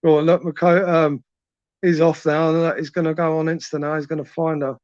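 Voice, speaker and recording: A man's voice: a little high, level tone, moderate pace, a little mellow, no echo. Crude laddish man, lo-fi stream. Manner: crude, laddish banter with viewers. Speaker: livestream host reading chat. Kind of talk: late-night live chat.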